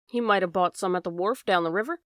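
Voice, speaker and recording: A woman's voice: medium pitch, dry recording, clean studio sound, close to an everyday voice. Woman reading a shrewd, courteous detective. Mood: calm. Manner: measured, courteous, quietly strategic. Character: cool, shrewd male detective, polite and probing. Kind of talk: audiobook character voicing.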